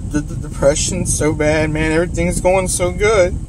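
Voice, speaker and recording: A man, talking in a halting, emotional, tearful way in a confessional vlog, full of restarts and apologies. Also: fairly high pitch, steady tone. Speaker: vlogger in recovery. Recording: outdoor recording with loud traffic noise.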